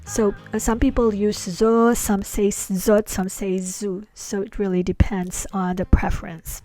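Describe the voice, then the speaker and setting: A woman's voice: mid-range voice, flat delivery, unhurried, warm tone, no echo, faint music behind. A woman teaching a Hebrew lesson, patiently explaining grammar step by step with many small fillers. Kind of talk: explaining slides in a language lesson.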